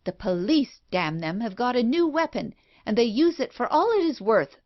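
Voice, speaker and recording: Woman reading a shrill, frantic guilty woman. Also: big pitch swings, normal speed. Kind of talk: audiobook reading. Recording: dull lo-fi recording.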